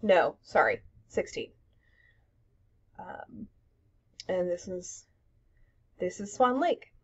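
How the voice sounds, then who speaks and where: A woman's voice: lowish voice, sing-song, very slow, slightly rough, lo-fi sound. A young woman chatting casually about her cross-stitch projects at home, rambling with lots of ums and self-deprecating asides. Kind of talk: casual show-and-tell chat.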